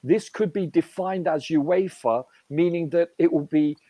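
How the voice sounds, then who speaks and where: A man's voice: a little high, measured pace, dark tone, no room sound. A man on a live stream panel, explaining points at length and repeating them. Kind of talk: casual live stream chat.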